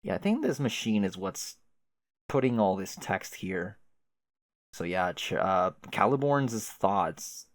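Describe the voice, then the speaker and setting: A man's voice: deep voice, very animated, a little slow, pauses often, no room sound, clean studio sound. A man casually reading a webcomic aloud and adding loose, swearing asides. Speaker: reader of a webcomic. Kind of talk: casual read-through commentary.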